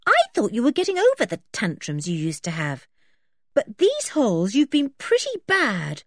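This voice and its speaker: Woman doing a prim little girl, bossy, chiding, high voice, lively lilt. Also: normal speed, no echo, studio quality, exaggerated voice. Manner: chiding, proper. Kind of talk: audiobook character voice.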